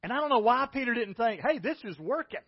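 A man preaching a sermon as pastor, telling stories and swinging between loud exclaims and quiet, hushed lines. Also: very high-pitched, expressive, fast, husky, muffled recording.

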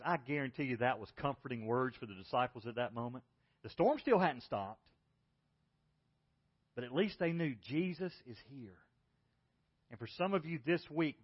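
A man preaching a sermon as pastor, telling stories and swinging between loud exclaims and quiet, hushed lines. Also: mid-range voice, muffled recording.

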